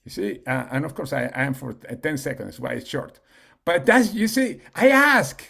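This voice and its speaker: A man giving a casual team training talk on a video call, halting, with many fillers and restarts. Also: mid-range voice, lively intonation, vocal fry, fairly bright tone, slightly rough. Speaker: team leader and coach.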